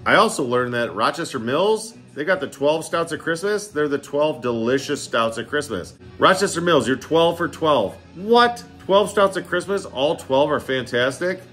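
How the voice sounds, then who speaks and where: A man's voice: fairly high pitch, animated, moderate pace, few pauses, fairly bright tone, soft background music. A man casually reviewing beers in his living room, joking around and a bit tipsy with a slight slur. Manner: chatty, joking, getting tipsy and slurring. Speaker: beer vlogger. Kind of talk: casual beer tasting vlog.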